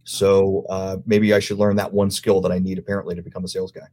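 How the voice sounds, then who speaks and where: Middle-aged male guest, low husky voice, loose storyteller who laughs a lot. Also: completely flat delivery, fast, dark tone. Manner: rambling storyteller, laughs easily. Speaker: podcast guest. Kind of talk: casual chat.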